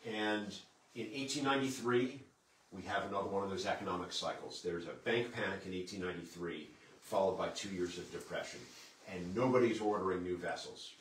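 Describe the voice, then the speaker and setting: Deep-voiced man lecturing in an echoey room. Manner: conversational, poses and answers his own questions. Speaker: museum historian giving a lecture. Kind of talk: public history lecture with slides. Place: lecture room at a historic site. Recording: roomy sound from a distant mic with faint background noise.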